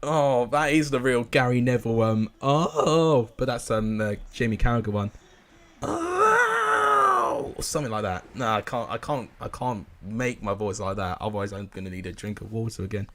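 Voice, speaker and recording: A young man commentating football games live for viewers, excitable and out of breath. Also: on the low side, fairly quick, few pauses, a little hiss or hum. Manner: shouts and laughs at goals, chats with viewers.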